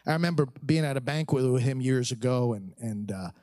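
A priest preaching at a conference, emphatic and preacherly, asking rhetorical questions and repeating key phrases. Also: male voice, mid-range voice, lively intonation, brisk, a little mellow, dry recording, clean studio sound. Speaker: priest addressing a pro-life conference.

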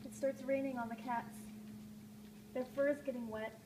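A woman hosts a live call-in art show from a gallery, drawing while she chats in a playful, rambling way that often trails off, in a noisy live stream room. She speaks at a moderate pace in a high voice.

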